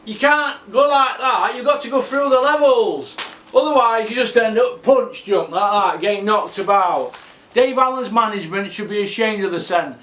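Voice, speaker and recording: A man's voice: sits high, moderate pace, a bit bright, roomy sound, a little hiss or hum. A man hosting a boxing vlog, blunt and scornful, firing off rhetorical questions. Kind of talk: ranting monologue.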